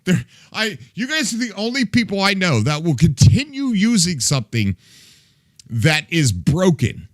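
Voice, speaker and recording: A man's voice: sits high, sing-song, a little slow, no room sound, clean studio sound. A man hosting a live stream in casual chat with viewers. He is playful, laughs often, makes silly sound effects with his mouth and plays at being fed up with the chat. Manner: mock-exasperated as he reacts to chat. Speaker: livestream host.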